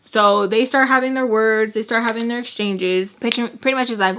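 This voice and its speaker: A young woman in her twenties telling a storytime to camera in a casual, animated way, acting out what people said. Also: on the high side, fairly quick, hardly any pauses. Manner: animated, acts out other people's lines. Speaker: storytime vlogger.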